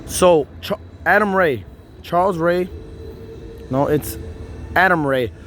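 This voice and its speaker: Casting: high-pitched man, rambling stoner monologue, faint outdoor traffic behind. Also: slow, fairly bright tone. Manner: rambling, restarts, stoner banter. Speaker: vlogger. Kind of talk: rambling casual monologue to camera.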